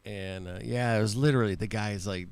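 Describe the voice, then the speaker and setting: A man's voice: lowish voice, brisk, smooth, no room sound. A man hosting a casual livestream chat, laid-back and laughing often, calling people man and bro and swearing freely. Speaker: livestream host.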